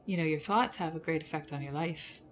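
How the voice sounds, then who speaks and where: Her voice sits low and she talks briskly, with a slight hiss or hum in the audio. Hosting her own personal podcast, she vents her frustration in an emotional monologue, laughing bitterly and at moments near tears.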